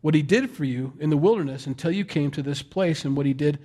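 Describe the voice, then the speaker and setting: A man's voice: a little high, fast talker, warm tone. Folksy man preaching a sermon. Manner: conversational, folksy, self-deprecating asides. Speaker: pastor.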